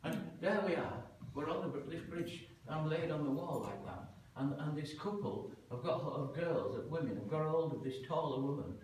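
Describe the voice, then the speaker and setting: A man telling a story live, dramatic and animated, acting out the voices he quotes. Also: on the high side, moderate pace, few pauses, slight background noise. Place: large museum hall. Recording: echoey hall, heard from a distance.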